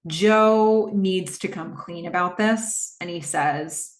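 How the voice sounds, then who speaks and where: A woman's voice: fairly low pitch, takes it slowly. A woman hosting a podcast, recapping a TV episode in a reflective way and asking her listeners what they think, with frequent fillers. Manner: reflective, asks listeners questions; narrates scenes with frequent fillers. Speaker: podcast host. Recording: echoey room.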